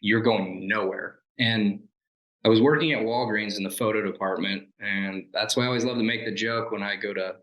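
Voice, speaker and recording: A lowish-voiced man in his forties speaks at normal speed as a guest, a former Navy SEAL sharing his life story. The recording is low quality and reverberant, and he tells it with animation, acting out what others said to him and laughing at himself.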